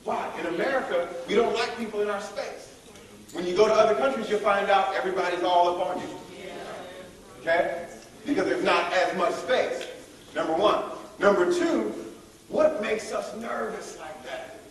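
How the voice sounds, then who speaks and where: A man leading a motivational leadership workshop, talking in an energetic, playful way to a live group. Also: high-pitched, moderate pace. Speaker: workshop speaker. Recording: echoey room from far off.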